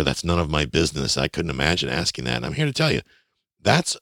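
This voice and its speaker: A man teaching real estate investing in a folksy, animated way, often acting out dialogue. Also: rumbling low, vocal fry, no echo, clean studio sound. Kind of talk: instructional talk.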